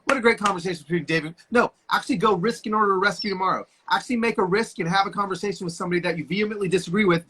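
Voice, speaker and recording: A man's voice: sits high, fairly even intonation, racing, few pauses, pushed and bright, slight background noise. A man in his forties, a guest on a video call, telling stories with passionate, preacher-like energy. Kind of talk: casual conversation.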